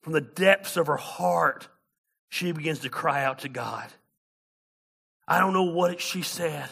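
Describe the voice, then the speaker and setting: Brief: male pastor preaching, high and very bright, loud then hushed, stammering restarts. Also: unhurried, gravelly, breathy edge. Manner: swings between loud, high-pitched preaching and quiet storytelling. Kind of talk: sermon.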